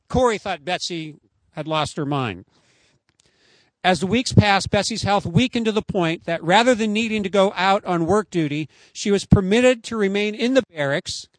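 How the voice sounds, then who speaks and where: A man's voice: high-pitched, dry recording. A man preaching a sermon outdoors, earnest and emphatic as he tells a story to his listeners. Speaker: pastor.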